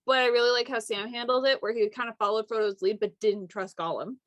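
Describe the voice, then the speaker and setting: A young woman talks about a film in a chatty podcast style, leaning on filler words as she thinks. Her voice sits a bit high, and the recording is close and dry. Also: steady tone, fast, fairly bright tone, dry recording, lo-fi sound. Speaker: podcast co-host. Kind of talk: casual podcast chat.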